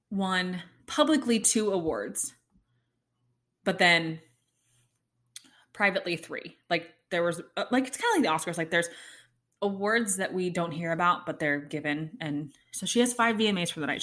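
A young woman chatting casually to her viewers, gushing and excitable, with lots of "like"s and sudden squeals of excitement. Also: on the low side, normal speed, pauses often. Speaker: vlogger. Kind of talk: casual chat to camera.

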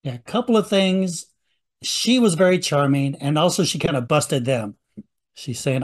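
A man with a slightly raised pitch hosts a podcast in a casual, chatty way. He jokes and teases as he sets up clips. His delivery is loose and conversational. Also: normal speed. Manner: chatty, joking. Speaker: podcast host. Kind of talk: casual recap chat.

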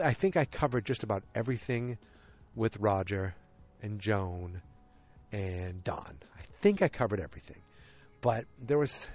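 A man casually recapping a TV episode, rambling and often interrupting himself. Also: mid-range voice. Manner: rambling, self-interrupting storyteller.

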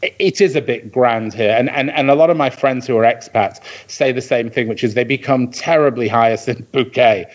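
A man's voice: medium pitch, normal speed. Chatty northern English man, lo-fi audio. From England (Manchester area). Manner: theatrical, mimics accents when quoting. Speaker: podcast guest. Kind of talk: casual interview chat.

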